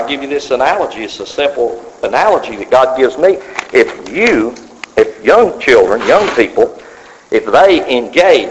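A male pastor preaching a sermon, swinging from loud declarations to hushed whispers. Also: mid-range voice, a little hiss or hum. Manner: preaching with sudden drops to a whisper. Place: church sanctuary. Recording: dull sound with long hall reverb.

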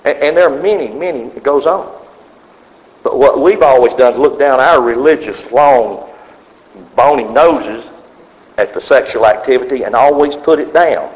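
A male pastor preaching a sermon, swinging from loud declarations to hushed whispers. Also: medium pitch, moderate pace. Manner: preaching with sudden drops to a whisper. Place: church sanctuary. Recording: dull sound with long hall reverb.

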